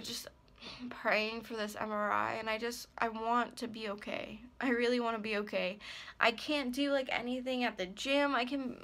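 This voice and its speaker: A woman's voice: on the high side, a bit bright. A woman in her twenties talking hesitantly and anxiously in a personal vlog, full of fillers and trailing off. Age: 20s. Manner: hesitant, rambling, many fillers. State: worried and upset. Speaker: ASMR creator.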